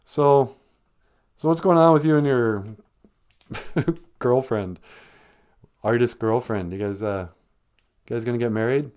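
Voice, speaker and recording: A man's voice: medium pitch, a little slow, long pauses, a little mellow, clean tone. A man hosting a comedic live-stream language lesson, teasing a pretend caller in a blunt, chatty way. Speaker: Ojibwe language teacher and host.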